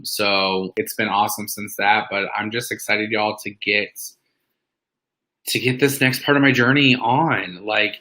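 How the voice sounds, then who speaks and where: Speaking at a live online weight-loss meeting, a man with a fairly low yet bright, forceful voice gives a casual motivational talk. He's chatty and fired up, breaking into preachy bursts peppered with "like" and "um," and the audio quality is poor.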